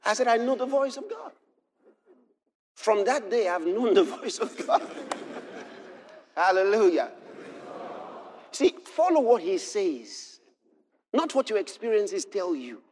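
A man preaching a sermon. He moves from quiet storytelling to shouted exhortation and quotes scripture in old-fashioned wording. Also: high voice, big pitch swings, slow, pauses often, slight background noise.

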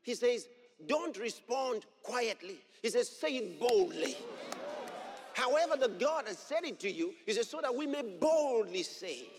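A man preaching with a high, lively voice that swings up and down. He drives key phrases home by repeating them, reads scripture in old-fashioned wording and builds to shouts. The sound rings with the long reverb of a large hall. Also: a little slow. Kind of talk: sermon.

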